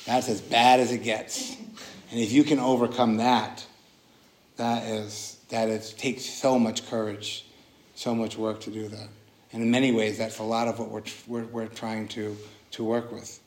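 A man's voice: lowish voice, flat delivery, unhurried. A man leading a casual, earnest dharma talk as a meditation teacher, often restarting his sentences. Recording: roomy echoing hall.

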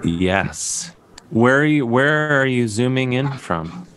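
A man's voice: mid-range voice, expressive, slow, fairly bright tone, clean tone. A man hosting a live call-in comedy show, joking and teasing his callers. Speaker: host.

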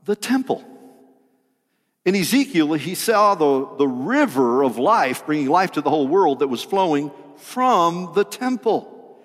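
Pastor guy preaching, voice jumping all over, big church hall echo. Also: high-pitched. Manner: animated, joking with the congregation. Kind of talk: sermon.

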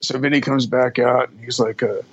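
A man's voice: mid-range voice, steady tone, normal speed, husky, no room sound, highs cut off. A man being interviewed, telling long, profane stories in a casual, rambling way full of fillers. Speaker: interview guest. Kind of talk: casual storytelling.

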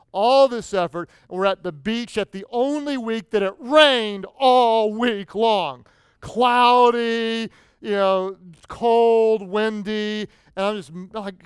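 A male pastor preaching an animated sermon, telling stories and prompting the congregation to repeat lines back. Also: high-pitched, clear, resonant tone, no room sound. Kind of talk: sermon with call-and-response.

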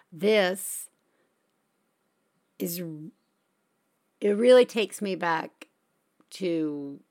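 A woman hosting a podcast, answering a caller slowly and reassuringly, with long pauses. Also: on the low side, creaky. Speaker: podcast host. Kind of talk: supportive podcast talk.

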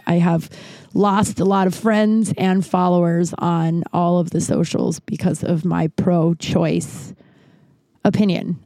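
Solo podcast host, woman, mellow voice, heated and profane, recorded dry in a closet. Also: on the low side, dry recording. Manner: heated, frustrated, swears often. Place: her closet.

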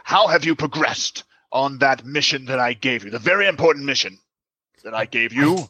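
A man's voice: mid-range voice, normal speed, bright, forceful tone, breathy edge. A man voicing a commanding vampire lord who orders his servant about. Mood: imperious. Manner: imperious, commanding, faltering at times.

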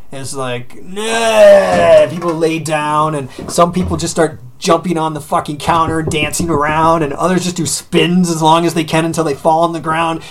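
A man's voice: a little high, a little hiss or hum. A man in his thirties chatting casually as a co-host, swearing often and telling exasperated stories. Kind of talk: casual chat.

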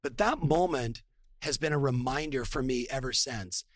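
A man's voice: medium pitch, normal speed, dry recording, studio quality. A man in his late thirties telling a family story and giving a motivational talk, acting out the dialogue as he goes. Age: 30s. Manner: animated storyteller, acts out dialogue. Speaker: podcast guest.

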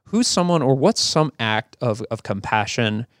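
A man co-hosting a podcast, telling a story in a relaxed, rambling way with a gravelly voice. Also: medium pitch, normal speed, no echo, clean studio sound. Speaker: podcast co-host. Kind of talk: casual chat, storytelling.

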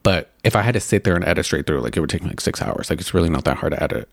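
A young guy who runs a makeup video channel and podcast goes off on a loose, wandering rant, stuffing every sentence with "like" and blunt cursing. His slightly low voice is animated, racing and creaky. The recording is dry and close, with hardly any room sound.

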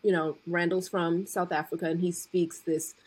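Slow, husky-voiced woman in her forties. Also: lowish voice, level tone. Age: 40s. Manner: slow, deliberate speech. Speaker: podcast co-host. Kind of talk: casual conversation.

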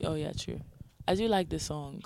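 A woman co-hosting a podcast in casual chat, laid-back and often trailing off into quiet mumbles. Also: sits low, moderate pace, vocal fry, a little hiss or hum. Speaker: podcast co-host.

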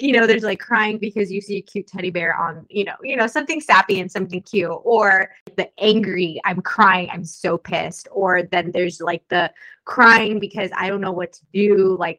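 A young adult woman co-hosting a casual podcast chat, lively, laughing often and talking with many fillers. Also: medium pitch, poor audio. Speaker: podcast co-host.

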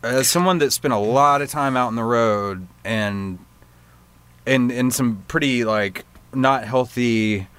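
A man's voice: mid-range voice, slow pace, a bit bright, smooth, dry recording. A man co-hosting a casual podcast, easygoing and thoughtful, musing aloud in a loose, rambling way. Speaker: podcast co-host. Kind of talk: casual chat.

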